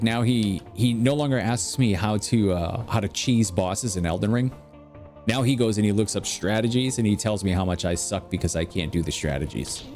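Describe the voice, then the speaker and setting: A middle-aged gameplay streamer speaks in a lowish, slightly mellow voice. Faint background music plays as he rambles casually through anecdotes, leaning on lots of fillers.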